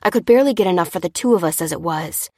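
A woman's voice: on the low side, animated, very fast, darkish tone, no echo, clean studio sound. A woman reading the lines of a tense adult man, clipped and insistent, in a storybook reading. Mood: urgent.

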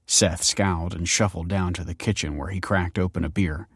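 A man narrating a story in a measured, wry way. His voice is deep and low. The recording is close and dry, with no room sound. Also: steady tone, husky, no echo. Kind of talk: scripted narration.

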